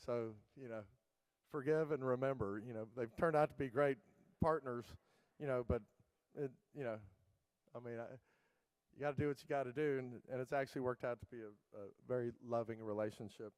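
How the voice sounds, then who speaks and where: A man's voice: mid-range voice, steady tone, fairly quick, darkish tone, clear, resonant tone, no echo, low-quality recording. A middle-aged man giving a conference keynote, telling casual, rambling anecdotes full of fillers and restarts. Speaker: keynote speaker.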